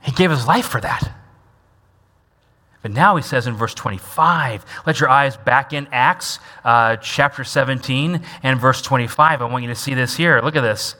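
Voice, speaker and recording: A man's voice: medium pitch, moderate pace, sharp tone. A man preaching a sermon as pastor, emphatic, repeating key lines and having the congregation say them back. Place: church sanctuary. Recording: long reverb of a large church hall.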